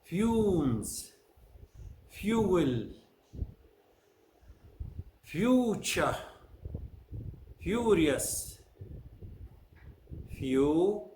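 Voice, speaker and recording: A man teaching pronunciation, saying each word slowly and clearly, then repeating the whole list. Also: sits high, a little mellow. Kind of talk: slow drilled word lists. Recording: echoey room with faint noise.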